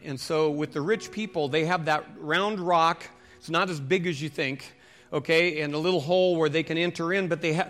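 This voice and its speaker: Bright high-voiced male pastor preaching. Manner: storytelling, swings from loud calls to hushed prayer. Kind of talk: sermon.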